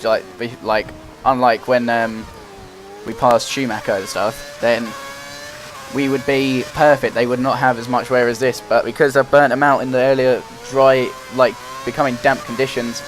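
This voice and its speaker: A young man giving running play-by-play commentary while playing a racing game, getting excited and frustrated as he drives. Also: mid-range voice, moderate pace. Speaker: gaming commentator. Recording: loud game music behind the voice. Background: game music and engine noise.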